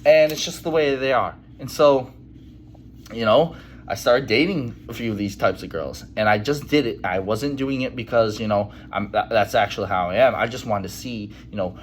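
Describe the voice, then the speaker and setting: A man's voice: mid-range voice, moderate pace, slight background noise, low-quality recording. A man in a casual monologue to camera, blunt and emphatic, with lots of "you know". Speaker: vlogger.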